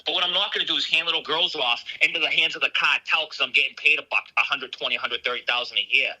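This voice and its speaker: A man's voice: fairly high pitch, steady tone, quick pace, bright, forceful tone, low-quality recording. A man with a Boston accent, a guest agent talking earnestly and with feeling about his work. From Boston area, US. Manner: earnest, heartfelt, choked up. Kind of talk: emotional remote interview talk.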